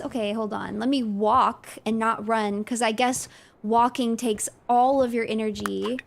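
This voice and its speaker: A woman's voice: fairly high pitch, steady tone, measured pace, creaky, a little hiss or hum. A young woman streaming a game, chatting casually and exclaiming in flustered bursts.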